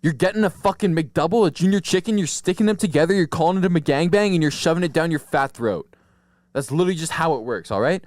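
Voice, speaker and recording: Foul-mouthed comic podcast host, dry sound. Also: male voice, a little high, quick pace, a little mellow, no echo. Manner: profane, rambling, laughs at his own jokes. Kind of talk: casual comedic storytelling. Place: podcast studio.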